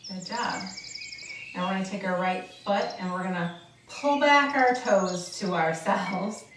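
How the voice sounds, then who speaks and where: A woman leads a chair workout at an unhurried pace, cueing each move and cheering people on. Her voice rings in a very roomy space, a little away from the mic, with faint noise behind. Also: medium pitch, far from the mic. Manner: encouraging, slow step-by-step cues. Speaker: chair exercise instructor. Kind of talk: guided seated workout instruction.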